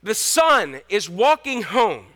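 A man's voice: high voice, big pitch swings, slow pace, fairly bright tone. A man in his fifties preaching a sermon in a casual, jokey way, restarting often. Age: 50s. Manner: conversational, jokey, many restarts. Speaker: pastor.

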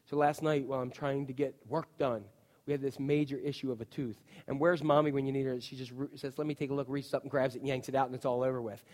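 A man preaching a chatty, animated sermon as a pastor, full of asides and "you know". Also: mid-range voice, quick pace. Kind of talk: conversational sermon. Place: church. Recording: long reverb of a church hall.

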